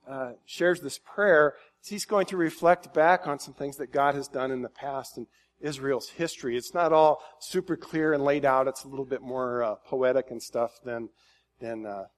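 Man, mid-pitched voice, relaxed Bible teaching, restarts his phrases, reads scripture with growing emphasis. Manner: casual, thinking aloud with frequent restarts.

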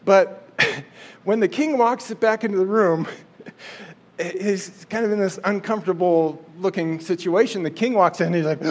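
A man's voice: high-pitched, measured pace. A man casually retelling a Bible story in a playful, chatty way. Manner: playful, chatty, acts out quotes.

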